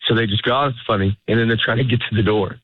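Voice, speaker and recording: A man's voice: on the low side, flat delivery, rapid-fire, husky, no room sound. A middle-aged man, a stand-up comedian, chatting casually as an interview guest in a rambling, self-interrupting storytelling way. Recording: tinny phone-like radio sound.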